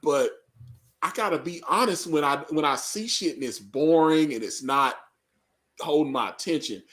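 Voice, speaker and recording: A man's voice: on the high side, expressive, normal speed, fairly bright tone. A man co-hosting a casual live reaction chat, rambling and joking with frequent laughs. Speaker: podcast co-host.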